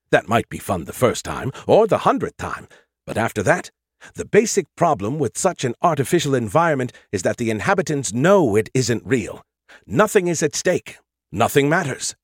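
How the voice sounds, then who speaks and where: Smug know-it-all AI, put on by a male audiobook narrator: condescending, animated, bone-dry read. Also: mid-range voice, slightly rough, dry recording. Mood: lecturing. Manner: condescending, lecturing. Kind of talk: audiobook character voice.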